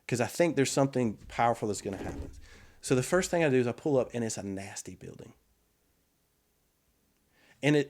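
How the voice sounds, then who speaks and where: An earnest middle-aged man talks through a personal story at an easy conversational pitch, neither high nor low. He restarts his sentences often and drops into quiet asides as he reflects. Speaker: podcast guest.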